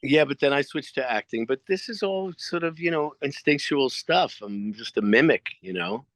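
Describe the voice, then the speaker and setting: Being interviewed, a middle-aged actor shares lively stories at a moderate pace in a mid-range voice, performing the dialogue as he quotes it. There's no echo, and the recording comes across dry and a little dull.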